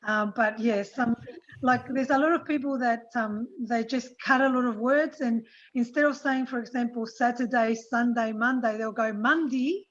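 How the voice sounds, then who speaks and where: A woman with an Australian accent and a high voice chats and laughs as she explains things. Her audio sounds dull and lo-fi. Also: fairly even intonation, normal speed. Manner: chatty, laughs while explaining. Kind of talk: casual group video chat. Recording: muffled lo-fi audio.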